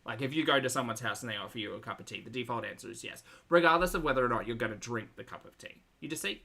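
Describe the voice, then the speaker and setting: Wry Australian man, gravelly and bright. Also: mid-range voice, rapid-fire, hardly any pauses. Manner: wry, sarcastic asides. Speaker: reaction streamer. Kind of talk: casual commentary to live chat.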